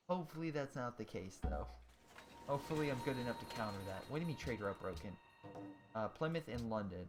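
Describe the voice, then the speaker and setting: A mid-pitched man talks through his strategy game as he plays, rambling with fillers and restarts. He groans at setbacks and cheers on his side. A clear steady hiss runs under his desk-mic recording. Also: a little fast. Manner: chatty, thinks aloud, many fillers and restarts. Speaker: gaming video host. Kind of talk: casual let's-play commentary. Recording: steady audible background noise.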